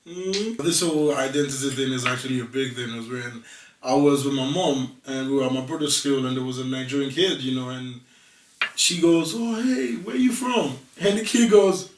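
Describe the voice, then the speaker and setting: A man's voice: medium pitch, normal speed, slight background noise. A young adult man in a casual talk-show chat, telling stories animatedly and with emphasis. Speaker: guest. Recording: echoey room, mic at a distance.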